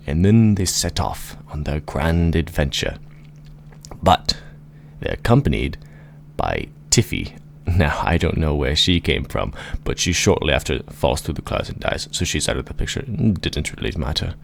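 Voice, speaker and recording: Very deep-voiced man improvising a comic story. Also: sing-song, normal speed, vocal fry, a little hiss or hum. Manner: rambling, laughing asides.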